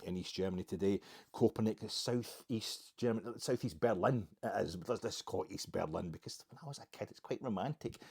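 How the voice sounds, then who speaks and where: A man's voice: deep voice, dark tone, breathy edge. An older Scottish man hosting a football podcast, talking in a wry, sarcastic, rambling way with self-mocking asides. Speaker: podcast host. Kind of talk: casual football podcast monologue.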